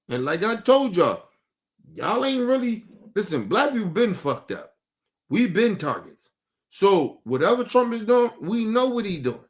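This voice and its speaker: High-voiced man ranting bluntly. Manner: blunt, profane, animated ranting. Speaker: streamer host. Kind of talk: casual live-stream commentary.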